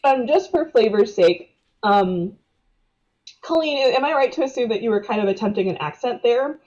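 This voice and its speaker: A woman's voice: fairly high pitch, lively intonation, moderate pace, darkish tone, dull audio. A woman playing a tabletop game, chatting casually with wry, swearing asides. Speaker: player.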